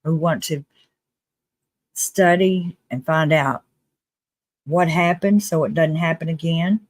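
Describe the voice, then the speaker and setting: A live-stream host giving casual commentary in a chatty, earnest way, with restarts and quick laughs. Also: medium pitch, steady tone, no echo. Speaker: livestream host.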